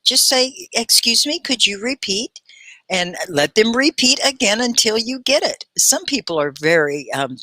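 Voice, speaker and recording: Chatty esl teacher lady on a livestream, bright voice, dry close sound, slows down on key words. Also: low voice, no echo. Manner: animated, chatty, laughs often, slows to stress words. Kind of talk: live online English lesson.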